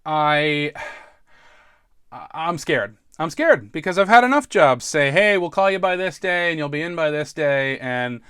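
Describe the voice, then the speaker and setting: A man's voice: on the high side, lively intonation, measured pace, fairly bright tone, clear, resonant tone, no echo, clean studio sound. A man talking casually in a rambling, self-deprecating way, often laughing and restarting his sentences, sounding stressed. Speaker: podcast host.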